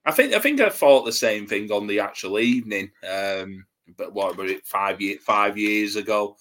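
A man's voice: on the low side, expressive, normal speed, fairly bright tone. Joking chatty man. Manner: joking, chatty, laughs at own asides. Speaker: podcast co-host. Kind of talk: casual wrestling review chat.

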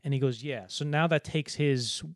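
A man co-hosting a film podcast in casual chat, rambling and acting out movie lines in quick put-on voices. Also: medium pitch, no room sound, clean studio sound. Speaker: podcast co-host.

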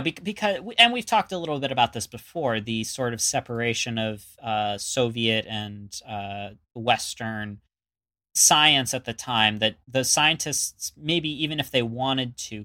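A man co-hosting a casual podcast, talking through his topic in a rambling way. He stops and restarts his sentences often and fills gaps with "uh" and "you know." His voice has a bright, forward tone. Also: medium pitch, a little slow. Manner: rambling with many fillers and restarts. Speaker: podcast co-host. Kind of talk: casual chat.

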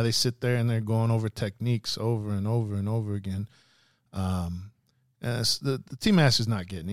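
A man's voice: medium pitch, no room sound, clean studio sound. A man, a podcast guest, musing and retelling a martial arts story in a loose, profane way. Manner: rambling, many fillers and restarts, casual profanity. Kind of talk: casual podcast talk and storytelling.

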